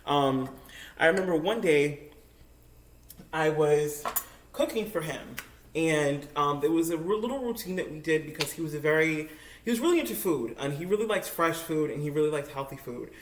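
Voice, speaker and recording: A woman's voice: low voice, lively intonation, normal speed, reverberant, a little hiss or hum. A young woman telling a casual story while she cooks in her home kitchen. She talks in a chatty, giggly way, full of likes and ums, and is picked up by a camera on a makeshift tripod. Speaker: cooking vlogger.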